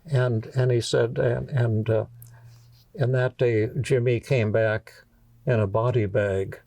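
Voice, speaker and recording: Gravelly guy telling a story, keeps stumbling and repeating words, mic a bit far off but dry. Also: medium pitch, steady tone, dark tone, no echo. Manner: halting, with frequent repeated words and restarts. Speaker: podcast host telling a workshop story.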